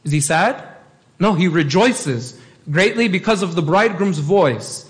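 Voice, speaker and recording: A man's voice: high-pitched, expressive, unhurried. A man, a priest giving a sermon and pressing his points by repeating them. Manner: emphatic, repeats key phrases.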